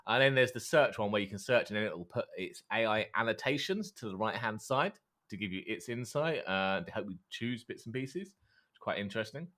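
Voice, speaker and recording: A man with a somewhat low voice co-hosting a casual tech podcast. He explains features in a relaxed way and uses fillers as he goes. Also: a little fast. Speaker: podcast co-host.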